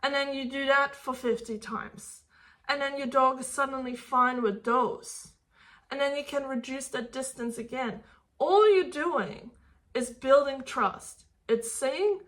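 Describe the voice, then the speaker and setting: A woman's voice: high-pitched, measured pace, a bit bright. A woman dog trainer speaking her mind in a vlog, blunt and exasperated, swearing casually as she argues her point. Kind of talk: opinionated talking-head vlog.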